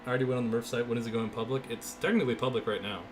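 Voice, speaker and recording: A young man streams a racing game, calling the race like a play-by-play announcer and then chatting loosely with viewers. His voice sits in a middle pitch. There is clear background noise and ambience under him. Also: steady tone, racing. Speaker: gaming streamer. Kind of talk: live racing game commentary.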